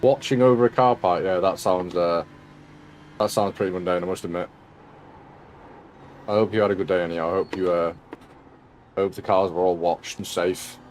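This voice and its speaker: A tired, yawning man chats from home while streaming a racing sim, his voice sitting low. He is laid-back and jokey, greeting his viewers by name, with a faint hiss underneath. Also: steady tone, normal speed, pauses often, darkish tone. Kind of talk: casual live-stream chat with viewers.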